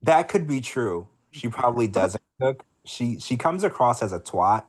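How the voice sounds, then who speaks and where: A man's voice: medium pitch, expressive, normal speed. A man co-hosting a podcast, chatting casually and gossiping, calling his listeners y'all. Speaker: podcast co-host. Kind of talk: casual chat.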